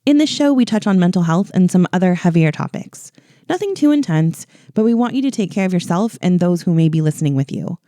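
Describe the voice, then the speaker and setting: A woman's voice: on the low side, animated, fairly quick, mellow, no echo, clean studio sound. A woman co-hosting a podcast, chatting casually with wry, teasing banter. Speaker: podcast co-host. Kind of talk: casual chat.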